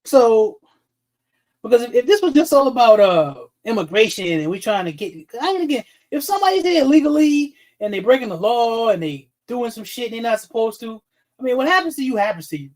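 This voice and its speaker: A man's voice: very high voice, very animated, brisk, darkish tone, poor audio. A man hosts a livestream commentary, talking straight into the mic. He is blunt and heated, swears often and stops to greet viewers in chat by name. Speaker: livestream host.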